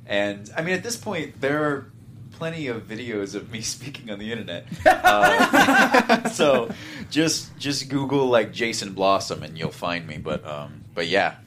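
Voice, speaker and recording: A young man talks easily as a guest, quick to laugh at himself. His voice sits a little low. A faint ambient hum runs underneath. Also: sing-song. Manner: laid-back, laughing, self-deprecating. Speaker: guest actor. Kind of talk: casual interview chat.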